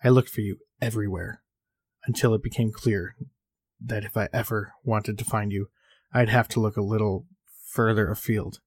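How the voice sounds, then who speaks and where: A remorseful older brother around thirty, read by a man narrating a story, speaking quietly with a lowish voice. He swears now and then, and the sound is dry and close. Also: fairly even intonation, normal speed, slightly rough, no echo. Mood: regretful. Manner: quiet, apologetic, sometimes swearing.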